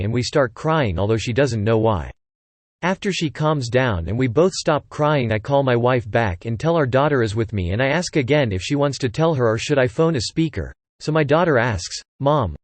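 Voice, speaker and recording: A man narrates a first-person story in a steady, plain voice and walks through the quoted dialogue without fuss. His voice sits at a middle pitch. The recording is dry and close, with no room sound. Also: dry recording.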